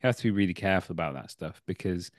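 A young man with a Manchester accent, an actor and acting teacher, telling animated backstage anecdotes in a casual interview and laughing as he goes. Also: low-pitched, racing, no echo, clean studio sound. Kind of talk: casual podcast interview, storytelling.

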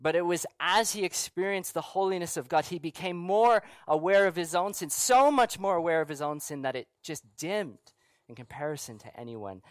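Pastor, man, middle-aged, chatty sermon delivery with rhetorical questions, slightly high voice, dry close sound. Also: no echo. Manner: conversational preaching with frequent rhetorical questions and asides.

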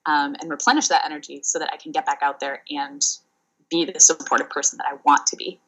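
Woman, career coach, low voice, reflective, filler-heavy interview answers. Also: fairly even intonation, a bit bright, rough recording. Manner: thoughtful, many fillers and pauses. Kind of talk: podcast interview.

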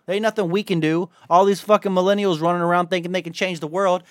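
A man's voice: sits high, steady tone, quick pace, few pauses, no echo, clean studio sound. A man hosting his own podcast, reading the news and ranting with lots of swearing and rising anger. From Ohio. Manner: angry, profane ranting, reads news aloud. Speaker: podcast host.

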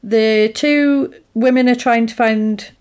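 A woman's voice: a little high, steady tone, slow pace, darkish tone, clean tone. A woman in casual conversation, recapping a film plot and acting out the characters' lines as she goes. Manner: chatty retelling, acts out characters' lines in quotes. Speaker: podcast co-host recapping a film. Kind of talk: casual chat.

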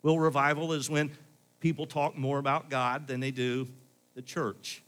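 A man's voice: mid-range voice, flat delivery, normal speed, fairly bright tone. A male pastor preaching a sermon in church, building to pleading questions.

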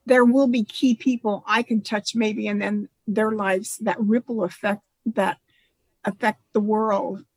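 A woman author speaking as a guest in an interview, reflective and halting, often restarting her sentences. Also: mid-range voice, fairly even intonation, slightly rough, no echo, low-quality recording. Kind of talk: casual interview conversation.

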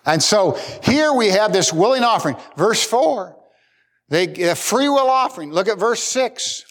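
Folksy, joking male preacher. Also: unhurried. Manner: folksy, joking preacher with lively swings in pitch and loudness. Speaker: pastor. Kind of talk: sermon.

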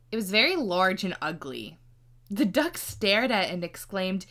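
A woman's voice: medium pitch, lively intonation, moderate pace, sharp tone. A woman casually reading a fairy tale aloud, playful, with laughing asides. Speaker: storyteller.

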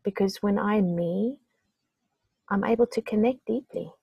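A woman's voice: mid-range voice, a little slow, creaky, slightly rough, dry recording, muffled recording. A middle-aged woman hosting a podcast interview, speaking in an emotional, openly moved way. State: tearing up. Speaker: podcast host. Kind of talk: heartfelt conversational interview.

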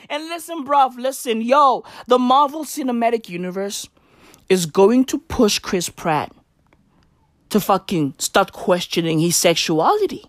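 A woman's voice: a little high, unhurried, no room sound, clean studio sound. A woman delivering a crude, rambling, profane comedic rant in slangy bro talk.

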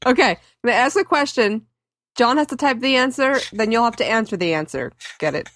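A woman's voice: a little high, lively intonation, brisk, a bit bright. A woman co-hosting a podcast and running a trivia game, giggly and teasing in casual chat.

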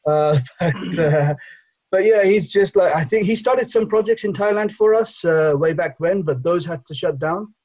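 A man's voice: high-pitched, moderate pace, darkish tone. Guy from england, bengali first language, rambly chat full of you-knows, kinda muffled lo-fi audio. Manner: rambling, many fillers and "you know". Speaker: guest, engineering professor and charity founder. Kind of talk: casual conversational interview.

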